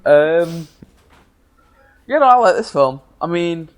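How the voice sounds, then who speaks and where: A man's voice: fairly high pitch, lively intonation, takes it slowly, rough recording. A man co-hosting a casual movie podcast, meandering and fumbling for words as he talks. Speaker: podcast co-host.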